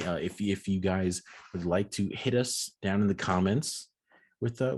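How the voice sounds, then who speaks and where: A young man hosting a podcast in casual chat, excitable and rambling, tripping over repeated words. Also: sits low. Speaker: podcast host.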